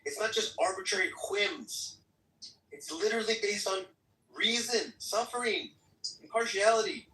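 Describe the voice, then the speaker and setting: A man's voice: high voice, normal speed, bright, forceful tone. Heated, profane man in a roomy chat. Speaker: debate participant. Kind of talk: heated online voice-chat debate. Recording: roomy, distant mic, faint noise.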